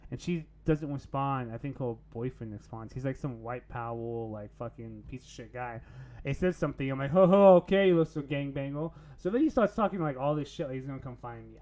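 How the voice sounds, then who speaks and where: A man's voice: medium pitch, a little mellow. A young man casually telling a rambling story on a podcast. He peppers it with "like" and curse words and laughs at his own tale.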